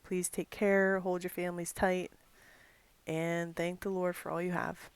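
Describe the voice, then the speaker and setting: A woman's voice: fairly low pitch, little pitch movement, a little slow, clear, resonant tone, dry recording. A woman giving earnest Christian commentary in a vlog, thinking aloud with fillers.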